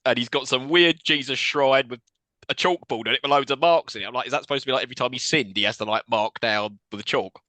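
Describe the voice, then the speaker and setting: A man's voice: medium pitch, fast talker, bright, forceful tone, no echo. A man co-hosting a podcast, recapping a film plot in casual chat and laughing often. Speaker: podcast co-host.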